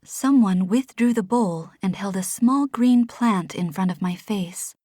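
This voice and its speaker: A woman narrating a first-person fantasy novel in a soft, hushed, measured voice. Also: medium pitch, no echo, clean studio sound. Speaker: audiobook narrator.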